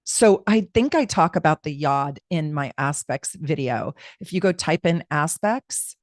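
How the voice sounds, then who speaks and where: Chatty, low-voiced woman astrologer. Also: expressive, measured pace, no echo, clean studio sound. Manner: chatty, rambling, talks straight to viewers. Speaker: astrologer giving live readings. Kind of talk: casual live-stream chart reading.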